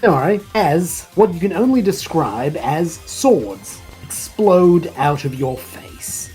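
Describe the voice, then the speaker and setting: Low-voiced woman running a tabletop game. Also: sing-song, dark tone, soft background music. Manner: quick, playful, laughs often. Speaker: game master.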